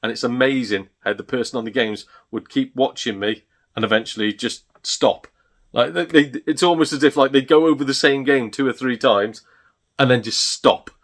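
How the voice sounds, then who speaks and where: A man's voice: medium pitch, normal speed, fairly bright tone. British guy ranting about his day, chatty, keeps restarting his sentences, fed up. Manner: exasperated, chatty, self-interrupting. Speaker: gaming channel host. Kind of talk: rambling storytelling rant.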